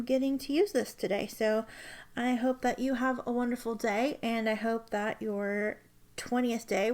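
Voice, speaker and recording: A young woman with a fairly high voice chats casually about her desk hobby, rambling along with plenty of fillers and restarts. She sounds close to a camera mic in a quiet room at home. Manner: chatty, rambling, lots of fillers. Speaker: ink vlogger. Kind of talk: casual chat.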